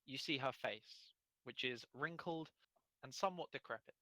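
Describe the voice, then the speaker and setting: A man narrating as game master, quick and descriptive with fillers. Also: medium pitch, sharp tone, poor audio.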